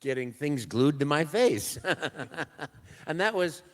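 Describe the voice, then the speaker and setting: An older man, a voice actor, telling a lively story on a convention panel and acting out quotes and sound effects. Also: fairly high pitch, takes it slowly, in a large hall. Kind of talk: anecdotal storytelling.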